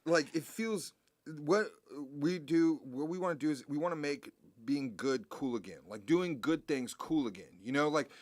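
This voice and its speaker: A man's voice: on the high side, expressive, moderate pace, no echo. A man talking as a guest musician in a casual interview, rambling and heartfelt, with many restarts and swearing.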